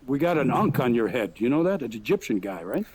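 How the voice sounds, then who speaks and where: A man's voice: mid-range voice, very animated, fairly quick, a little mellow, husky. A man, a guest actor, chatting and joking with fans in a casual question and answer. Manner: jokey, friendly banter. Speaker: guest actor at a virtual meet and greet. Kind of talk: casual Q&A chat. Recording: voice chat with crowd chatter behind. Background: crowd chatter.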